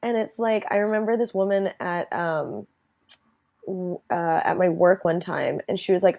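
Young woman, podcast co-host, casual storyteller, a little low in pitch, animated quotes. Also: moderate pace. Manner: chatty storyteller, acts out quotes in animated voices. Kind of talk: casual chat.

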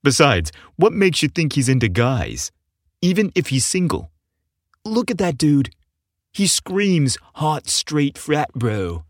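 A man's voice: on the high side, sing-song, slow pace, no room sound, studio quality, pitched above the performer's own voice, exaggerated voice. A man voicing a shy, good-natured young gay man in an audio story. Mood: reluctant.

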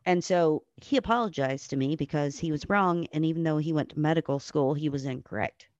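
A woman's voice: deep voice, brisk, a little mellow, no echo, muffled recording. Blunt, cursing woman telling stories. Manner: blunt and profane, acts out quoted people. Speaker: guest, nurse. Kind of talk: casual storytelling on a podcast.

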